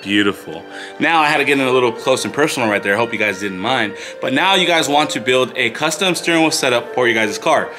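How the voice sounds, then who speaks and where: A man's voice: mid-range voice, fast talker, hardly any pauses, over music. A man hosting a casual product walkthrough for a car parts shop, chatting loosely to viewers in a store. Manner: chatty, addresses viewers as "you guys".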